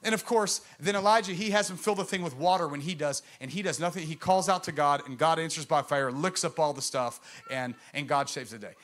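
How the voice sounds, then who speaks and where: A middle-aged man preaching a sermon, impassioned, moving between loud proclamation and hushed intensity, often asking the congregation questions. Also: on the high side, fairly quick, few pauses. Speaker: pastor.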